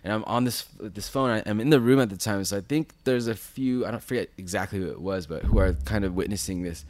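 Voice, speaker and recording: Animated low-voiced man telling a story. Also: quick pace, no room sound. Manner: animated, full of filler and acted-out quotes. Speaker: podcast guest. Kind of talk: casual storytelling.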